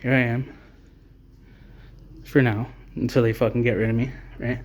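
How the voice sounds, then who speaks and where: A man's voice: mid-range voice, little pitch movement, moderate pace, slight background noise. A man delivering a profane, blunt, rambling to-camera rant as an advocate for homeless people. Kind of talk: ranting to-camera monologue.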